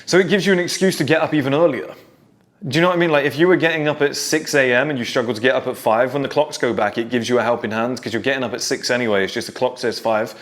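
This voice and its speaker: A man's voice: mid-range voice, fast talker, a bit bright. Blunt, swearing man giving a pep talk. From United Kingdom. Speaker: self-improvement creator. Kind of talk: motivational monologue.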